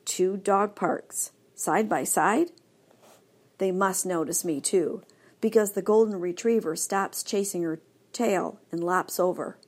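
Lively woman reading a children's story. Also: lowish voice, slow pace. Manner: lively, expressive. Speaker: audiobook narrator. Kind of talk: scripted storybook narration.

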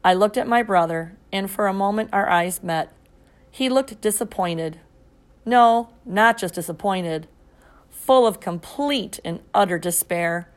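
A woman reading a children's story aloud in the first person, expressive and steady. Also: mid-range voice. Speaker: audiobook narrator.

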